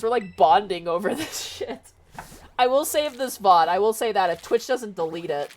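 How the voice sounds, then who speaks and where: A woman's voice: medium pitch, expressive, normal speed, slight background noise. A woman streamer casually recapping a novel on a livestream, rambling with lots of fillers and casual swearing.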